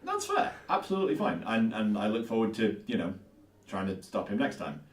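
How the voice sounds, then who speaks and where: A man's voice: fairly low pitch, wildly swooping pitch, brisk. A young man co-hosting a casual podcast about tabletop games, agreeable and thinking aloud. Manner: agreeable, thinks aloud with frequent "yeah" and restarts. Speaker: podcast co-host and tabletop player. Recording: echoey room, far from the mic.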